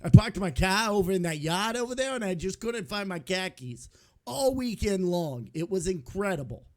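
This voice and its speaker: A man's voice: high voice, animated, normal speed, darkish tone. A man from the American South, a guest on a podcast, chatting casually and rambling with lots of likes and ums. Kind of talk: casual chat.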